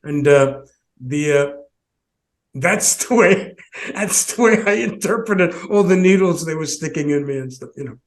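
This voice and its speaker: Rambling storyteller man, a bit high. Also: unhurried. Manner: rambling, many restarts, laughs between phrases. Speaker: podcast host. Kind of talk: emotional personal storytelling.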